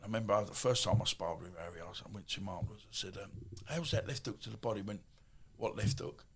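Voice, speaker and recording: A man in his fifties with an Essex accent, telling stories as a podcast guest in a rambling, animated way with many asides. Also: on the low side, quick pace, creaky, noisy background. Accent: Essex English. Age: 50s. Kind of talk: casual storytelling.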